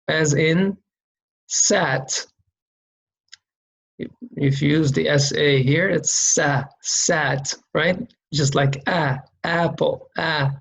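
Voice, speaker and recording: A man's voice: fairly high pitch, gravelly, low-quality recording. A man teaching a reading lesson, explaining letter shapes and sounds step by step, patiently repeating each sound and checking in with "okay?". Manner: demonstrates sounds by repeating them.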